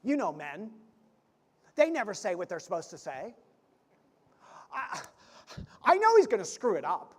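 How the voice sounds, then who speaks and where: A man's voice: high voice, huge pitch swings, measured pace, pauses often, husky, heavily acted. A man voicing a fretful older woman who rants in exasperation about a wedding. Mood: exasperated. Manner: exasperated, ranting. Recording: reverberant church hall.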